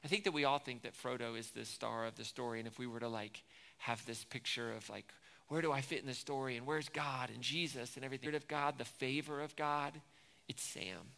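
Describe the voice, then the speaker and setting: A man preaches a sermon with a bright, forceful voice that carries a gravelly edge. He retells movie scenes with growing intensity. His voice rings out through a long church reverb. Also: medium pitch, steady tone, brisk. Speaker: pastor.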